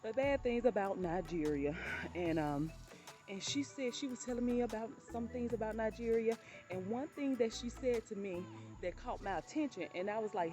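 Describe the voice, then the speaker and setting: A woman's voice: fairly high pitch, lively intonation, normal speed. Chatty woman storyteller over music. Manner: chatty, keeps calling listeners "honey"; acts out quoted exclamations with laughter. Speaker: vlogger. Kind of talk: casual storytelling.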